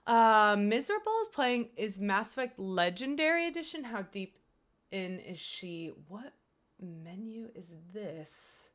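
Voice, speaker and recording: A woman's voice: mid-range voice, big pitch swings, a little slow, fairly bright tone. Young woman streamer, casual chat, earnest and rambling, home setup. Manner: earnest, grateful, rambling with fillers.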